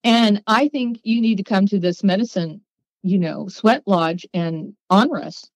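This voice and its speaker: A woman guest on a podcast, telling her story in a lively way and acting out the voices of people she quotes. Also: medium pitch, a little slow, no room sound, poor audio. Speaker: guest, psychic.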